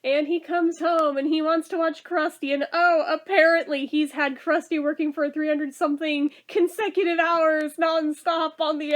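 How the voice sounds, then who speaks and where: A woman giving a casual spoken review of a TV episode, chatty and full of laughs, with "like" in almost every sentence. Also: high-pitched. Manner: chatty, laughs often, says "like" a lot.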